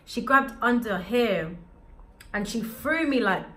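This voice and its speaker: A young adult woman telling a storytime vlog in an animated, slangy way. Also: on the high side, slow pace. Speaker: vlogger.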